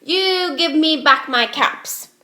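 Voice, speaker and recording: A woman voicing a stubborn, hot-tempered male cap peddler in a storybook read-aloud, with loud, slow, scolding shouts. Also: high voice, voice pushed up, exaggerated voice. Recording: echoey room.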